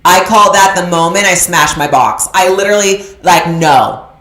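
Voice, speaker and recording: A middle-aged woman coach speaks to her audience over a video call, her voice emphatic and preacher-like. She sits a little low in pitch, and the room around her rings with echo. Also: moderate pace, a bit bright. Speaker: business coach. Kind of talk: live online masterclass talk.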